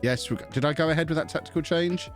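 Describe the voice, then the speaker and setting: Chatty man streaming, slightly high voice. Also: quick pace, soft background music. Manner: chatty, self-mocking, thinks aloud and thanks subscribers. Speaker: streamer playing a football management game. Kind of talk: casual live-stream commentary.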